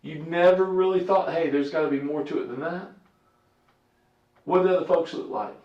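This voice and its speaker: A man grilling a suspect in a police interrogation, pushy and profane, his voice sitting a little high. The sound is muffled and roomy, caught by a microphone set well back in the room. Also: brisk. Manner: blunt, profane, confrontational. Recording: echoey, muffled room recording from a distant mic.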